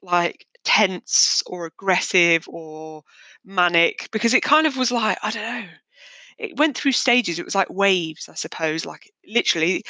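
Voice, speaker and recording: A woman's voice: fairly low pitch, lively intonation, unhurried, pushed and bright, no room sound. A woman hosting a podcast, telling a long personal story in a chatty, rambling and darkly candid way. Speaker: podcast host. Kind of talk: casual storytelling monologue.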